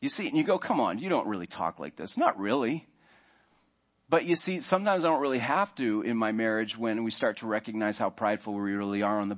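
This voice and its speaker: A man preaching a sermon in a conversational way, now and then acting out the inner voices of his listeners. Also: lowish voice. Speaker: pastor.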